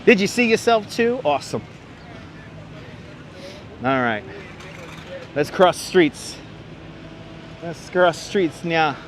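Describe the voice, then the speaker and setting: Walking through city streets on a live stream, a man chats and greets viewers by name, his slightly high voice swinging in big pitch arcs. He speaks slowly with long pauses and sounds a bit congested from being sick. The wireless clip-on mic catches faint traffic and street noise.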